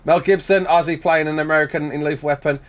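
A man's voice: fairly high pitch, steady tone, quick pace. A man in his thirties chatting casually with his livestream chat while building in a game, reacting with laughs and sudden outbursts.

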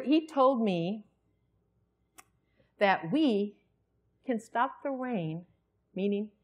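A middle-aged woman delivers a sermon in church. She speaks in a fairly high voice and tells her story in an earnest, conversational way, as if talking with friends in the pews. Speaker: church elder preaching.

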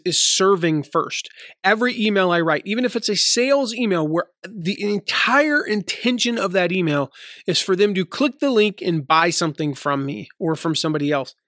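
A man's voice: sits high, pushed and bright, no room sound, clean studio sound. A man in his thirties from the American South, with a light Southern accent, hosting a casual solo podcast, chatty and full of fillers and restarts. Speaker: podcast host.

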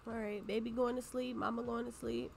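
A woman's voice: on the high side, steady tone, brisk, creaky, slight background noise. Sassy young woman commenting on gameplay. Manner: sassy, playful, voices her game characters. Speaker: gaming YouTuber.

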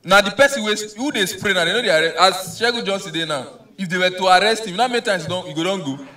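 A man's voice: high voice, animated, fast, bright, forceful tone, distant mic. A male comedian with a Nigerian accent doing live stand-up, begging the crowd with mock threats and sliding into Pidgin rants.

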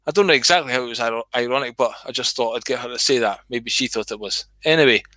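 A man's voice: mid-range voice, fast, sharp tone, no room sound. A man telling a comic story and chatting, sweary and rambling. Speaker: host reading his own comedy skit.

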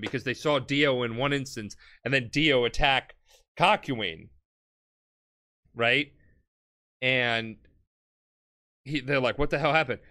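Bright-voiced tipsy man rambling a recap. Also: medium pitch. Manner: loose, sweary, acts out characters in quick snippets. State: drunk. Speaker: podcast co-host explaining an anime plot. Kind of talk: rambling comedic plot recap.

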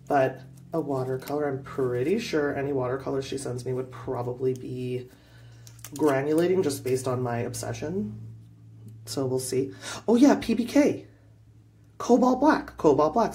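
A woman, a young adult, gushing excitedly in a casual unboxing vlog in her home studio, standing up as she talks. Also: a bass voice, a little hiss or hum. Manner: gushing, excitable, quick bursts of delight. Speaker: art YouTuber.

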